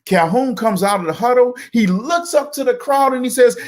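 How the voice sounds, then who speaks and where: A man's voice: very high voice, normal speed. A man, co-hosting and telling folksy motivational stories. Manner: folksy, animated storyteller. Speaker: co-host. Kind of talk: motivational storytelling.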